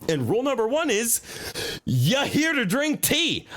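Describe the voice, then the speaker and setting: A man's voice: extremely high pitch, huge pitch swings, measured pace, fairly bright tone. A young adult man streaming a game, ranting in casual, profane commentary.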